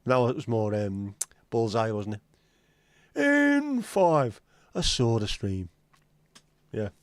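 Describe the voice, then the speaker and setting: A man's voice: lowish voice, fairly even intonation, takes it slowly, no echo. Man, fifties, livestream host, sweary sardonic rants, dry close sound. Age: 50s. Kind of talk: casual livestream chat.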